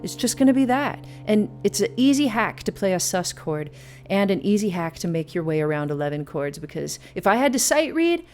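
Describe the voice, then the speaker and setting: A woman's voice: medium pitch, big pitch swings, a little fast, a little mellow. A woman hosting a casual piano lesson and plugging her classes, chatty and enthusiastic with playful asides. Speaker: music teacher and host. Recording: faint piano music behind. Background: piano playing.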